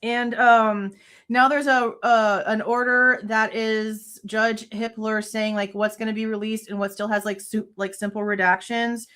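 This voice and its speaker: A woman's voice: a little high, level tone, a little slow, fairly bright tone. A woman in her thirties hosting a true crime livestream, venting angrily with frequent swearing in casual commentary.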